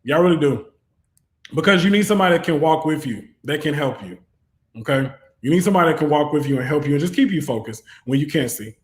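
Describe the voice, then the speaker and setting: A man's voice: fairly high pitch, expressive, fast. A man giving an online tarot reading who talks in a preachy, fervent way and often rises into exhortation. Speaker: tarot reader. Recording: roomy echo.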